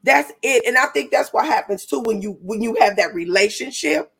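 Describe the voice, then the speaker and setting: A woman's voice: on the high side, expressive, moderate pace, vocal fry, a bit bright, slightly rough. A woman hosting a podcast, chatting casually and affirming her guest. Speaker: podcast host. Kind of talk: casual chat.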